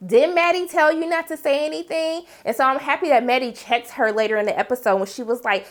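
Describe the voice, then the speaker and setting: Animated slangy woman recapping a show. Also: sits high, fast talker, hardly any pauses. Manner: animated, slangy, acts out characters' lines. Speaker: TV review host. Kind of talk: casual recap commentary.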